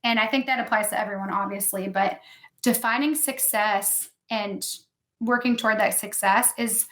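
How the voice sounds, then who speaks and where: A woman's voice: medium pitch, moderate pace, a bit bright. A woman in her thirties, a podcast guest telling candid personal stories in casual chat, often saying "like". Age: 30s. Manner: candid storytelling, heavy use of "like". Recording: echoey room.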